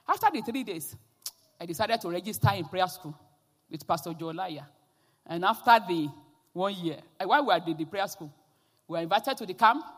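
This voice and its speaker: A woman's voice: medium pitch, breathy edge. Impassioned woman preacher in a reverberant hall. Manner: impassioned, rising to loud exhortations. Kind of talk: sermon with personal testimony.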